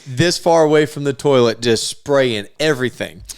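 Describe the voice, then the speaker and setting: A man's voice: mid-range voice, normal speed, clear, resonant tone. A young man co-hosting a podcast, telling a story with lots of swearing and acted-out quotes. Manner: animated, swears a lot, acts out quotes. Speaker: podcast co-host. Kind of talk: casual storytelling chat.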